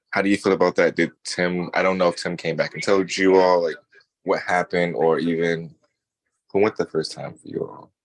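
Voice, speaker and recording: A man's voice: low voice, no echo. A man hosting, asking questions in a giggly, filler-heavy way. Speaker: host. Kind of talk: casual interview questions.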